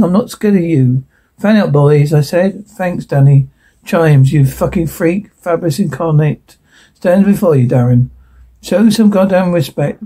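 A man reading a show transcript aloud in one voice, stage directions included, in a flat, stumbling way. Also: on the high side, a little slow, husky.

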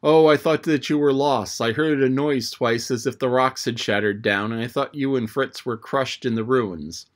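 A man's voice: medium pitch, moderate pace, few pauses, close to an everyday voice. A man voicing a frightened young boy who speaks emotionally in a slightly raised voice. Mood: relieved.

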